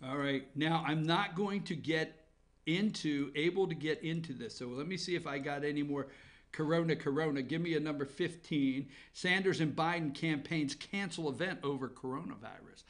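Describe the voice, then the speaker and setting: A man's voice: a little high, normal speed. A man hosting a comic headline countdown from an office, sarcastic, rambling and profane. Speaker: comedy news host.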